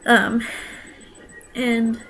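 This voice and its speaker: A woman's voice: fairly high pitch, completely flat delivery, drawn-out words, a bit bright, a little hiss or hum, poor audio. Upset young woman ranting on camera. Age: young adult. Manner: upset, defensive, talking straight to viewers. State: near tears at times. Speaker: vlogger. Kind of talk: emotional vlog rant.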